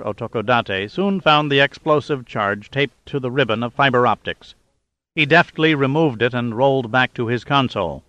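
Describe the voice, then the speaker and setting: A man narrating a thriller audiobook in a steady dramatic reading. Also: mid-range voice, dry recording, highs cut off. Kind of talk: scripted narration.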